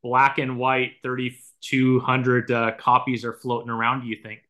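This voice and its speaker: A man's voice: mid-range voice, completely flat delivery, normal speed, sharp tone. A man hosting a casual interview, eagerly chiming in with "yeah" and laughs. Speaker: podcast host.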